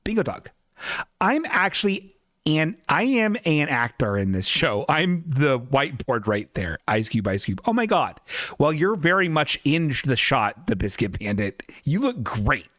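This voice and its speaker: A man's voice: mid-range voice, sing-song, unhurried, fairly bright tone, dry recording, studio quality. Sarcastic, profane man riffing. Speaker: podcast host. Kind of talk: casual live commentary over a TV show.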